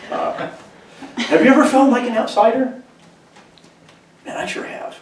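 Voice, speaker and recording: A man from California, a pastor, preaching a humorous, conversational sermon with animated storytelling. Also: very high-pitched, a little slow. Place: church sanctuary. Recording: echoey church room, distant mic, faint hiss.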